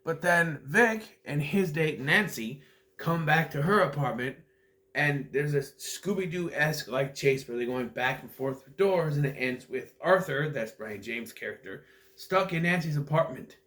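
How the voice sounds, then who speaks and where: A man's voice: fairly high pitch, animated, a little slow, fairly bright tone. Rambling man recapping a movie. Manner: rambling, meandering, often loses his thread. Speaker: movie reviewer.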